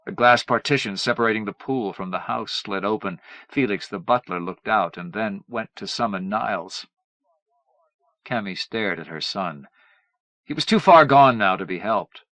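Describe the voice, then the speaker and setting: Man reading an audiobook, dry and bright. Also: on the low side, normal speed, no room sound. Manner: dramatic, varied reading. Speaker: audiobook narrator. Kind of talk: scripted narration.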